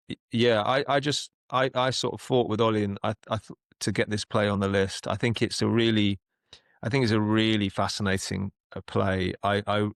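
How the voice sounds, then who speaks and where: A man talks casually on a podcast, his voice sitting on the low side. He tells stories in a halting, chatty way, repeating words as he goes. The sound is dry and close, with no room around it. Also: dry recording. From London, England. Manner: anecdotal, restarts and repeats words often. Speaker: actor and podcast co-host.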